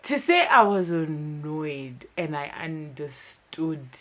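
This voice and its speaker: A woman's voice: deep voice, a bit bright. Emphatic woman vlogging. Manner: emphatic and chatty, with frequent fillers. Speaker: TV series reviewer. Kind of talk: casual commentary vlog.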